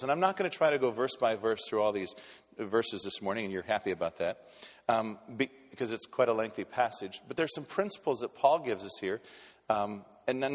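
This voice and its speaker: A male pastor preaches in a plain, conversational way, blunt and direct, often stumbling into restarts before pressing on. His mid-pitched voice rings out with the long reverb of a church sanctuary. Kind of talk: sermon.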